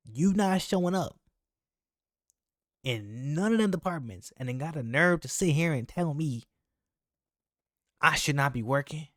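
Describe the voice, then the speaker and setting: A man's voice: medium pitch, lively intonation, normal speed, no room sound, studio quality. A man hosting a reaction video, commenting in a heated, emphatic, profane way. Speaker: reaction channel host.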